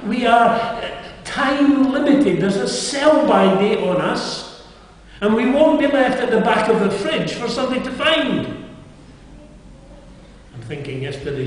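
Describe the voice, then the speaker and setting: With a little hiss or hum on a distant recording in an echoey chapel, an older English preacher speaks in a high-sitting voice. He gives his sermon earnestly and conversationally, often asking his listeners questions.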